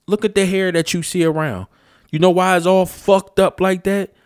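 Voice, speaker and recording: A man's voice: high voice, steady tone, moderate pace, clean tone, no room sound, clean studio sound. A man ranting in a casual vlog, blunt and profane, hammering home his points over and over. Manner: blunt, profane, emphatic and repetitive. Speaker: vlogger. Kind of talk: casual unscripted rant.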